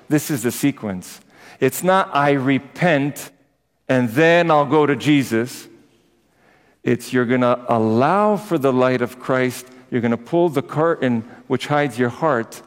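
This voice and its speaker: A priest giving a conversational sermon to his congregation, with personal asides. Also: mid-range voice. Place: church. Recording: echoey church with long reverb.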